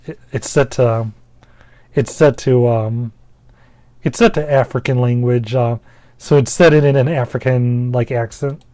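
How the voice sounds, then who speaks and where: A man's voice: medium pitch, steady tone, a little slow, warm tone, dry recording. A man giving casual, rambling gameplay commentary, full of fillers, restarts and the odd swear word. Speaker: gaming commentator.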